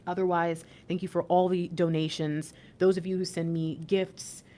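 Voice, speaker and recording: A woman's voice: on the low side, little pitch movement, moderate pace, mellow. A woman hosting an intuitive spiritual reading, talking casually and reassuringly to her viewers, rambling a little with fillers and restarts. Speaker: intuitive reader and channel host.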